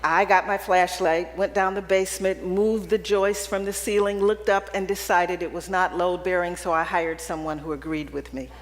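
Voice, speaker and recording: This keynote speaker's voice is on the low side, with fairly even intonation, a moderate pace and few pauses. Addressing an audience in an event hall, she shares personal stories with humor in a conversational style, regularly checking in with "right?". The recording carries long hall reverb plus a little hiss or hum.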